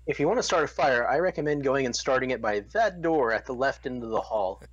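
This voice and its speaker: A man playing a tabletop game, speaking in a deliberate, low-key way. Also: expressive, slightly rough, no room sound. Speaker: player. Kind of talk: casual tabletop play. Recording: dull lo-fi sound.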